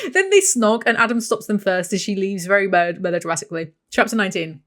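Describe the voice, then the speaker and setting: A woman's voice: mid-range voice, expressive, brisk. A British woman giving sarcastic book commentary, reading out passages and mocking them in a dry voice, with laughs between jokes. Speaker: book reviewer.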